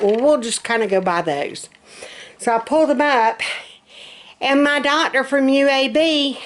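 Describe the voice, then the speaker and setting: A woman's voice: high-pitched, a bit bright. A middle-aged woman, chatting in a self-mocking, storytelling way. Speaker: vlogger. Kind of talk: casual chat.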